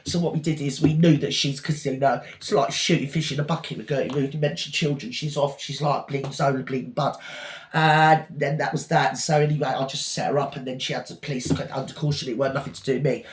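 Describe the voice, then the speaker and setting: A man's voice: medium pitch, flat delivery, fast, echoey room, close to an everyday voice. A man playing a self-pitying, rambling gossip and scammer who insists he is always the victim, in a satirical monologue. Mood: whiny rambling. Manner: rambling, breathless, circular storytelling. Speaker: parody performer.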